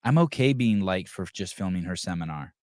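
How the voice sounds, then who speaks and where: A man's voice: deep voice, expressive, a little fast, darkish tone, dry recording, clean studio sound. A man hosting a podcast, ranting crudely and mocking people in whiny voices. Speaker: podcast host. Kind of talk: crude comedic rant to live chat.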